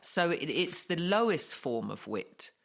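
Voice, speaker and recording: A woman's voice: deep voice, sing-song, a little slow, vocal fry. A woman with an English accent, co-hosting a casual podcast conversation in a frank, openly sarcastic way. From England. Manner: frank, self-described sarcastic. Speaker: podcast co-host and author.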